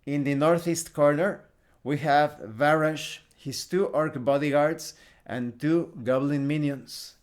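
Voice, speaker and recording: A man narrates a solo tabletop game, walking through the rules and the battlefield step by step. His voice sits fairly high and he speaks slowly, with small restarts. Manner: steady, explanatory with small restarts. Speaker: host and solo game player.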